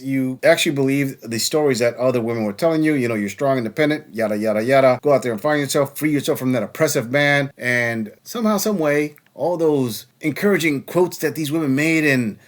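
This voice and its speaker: A man's voice: medium pitch, normal speed, hardly any pauses. A man hosting a reaction commentary, talking in a mocking, sarcastic, taunting way. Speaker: commentary host.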